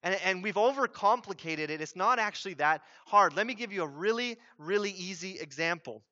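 A man's voice: sits high, expressive, brisk, pushed and bright, no echo, lo-fi sound. A man preaching a sermon as pastor, conversational and emphatic, acting out what people say.

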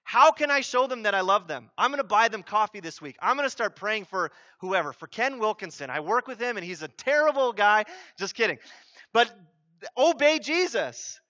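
A man's voice: high voice, lively intonation, brisk, bright, forceful tone, no room sound, dull audio. A man preaching a sermon as pastor, conversational and emphatic, acting out what people say.

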